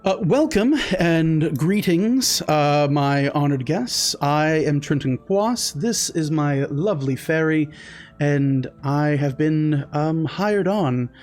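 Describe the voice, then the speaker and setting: A man voicing a boastful, flowery male sea captain who speaks slowly and grandly. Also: on the high side, expressive, a little mellow. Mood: grandiose. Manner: pompous, theatrical, slow.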